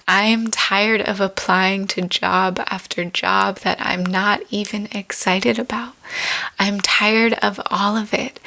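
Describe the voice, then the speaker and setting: A woman in her twenties reading her own memoir aloud in a measured, reflective way. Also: mid-range voice, a bit bright.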